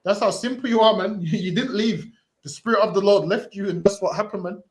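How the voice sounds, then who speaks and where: A man street preaching forcefully, repeating himself and ending phrases with "man". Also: high voice, a little fast, roomy sound.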